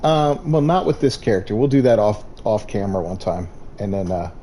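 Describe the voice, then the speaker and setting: A man's voice: lowish voice, lively intonation, fairly quick, dark tone, slight background noise. A man hosting a gaming livestream, chatting casually in a laid-back way and thinking aloud. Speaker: streamer host.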